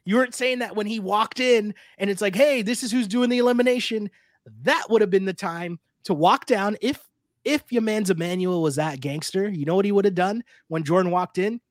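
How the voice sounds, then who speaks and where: A man's voice: high voice, normal speed, no echo, clean studio sound. A man co-hosting a casual recap podcast, ranting emphatically and fired up. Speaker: podcast co-host.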